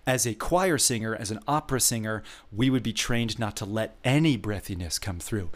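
A man's voice: fairly low pitch, normal speed, hardly any pauses. Man patiently explaining singing technique. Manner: patient, explanatory, sings phrases to demonstrate. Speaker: co-host giving a voice lesson. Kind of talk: casual podcast chat.

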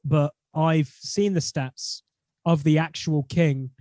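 Man, excitable, slightly high voice, casual podcast chat, dry close mic. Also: dry recording. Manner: excitable, laughing, fast bursts. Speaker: podcast co-host, tabletop player.

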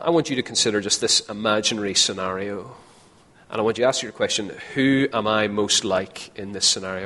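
Male preacher, earnest, low-pitched, long church reverb. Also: sharp tone. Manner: earnest, acts out imagined voices. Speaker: pastor. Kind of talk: sermon.

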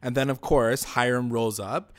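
A young man co-hosting a casual chat, animated and slangy, acting out characters' lines as he recaps. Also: mid-range voice, normal speed, no room sound. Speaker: podcast co-host recapping a TV episode.

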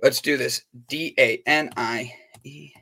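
A man's voice: mid-range voice, steady tone, slow, vocal fry, pushed and bright. A man hosting a live stream, chatting casually and playfully with viewers and reacting to their comments. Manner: upbeat, playful, jokey with chat. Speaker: livestream host.

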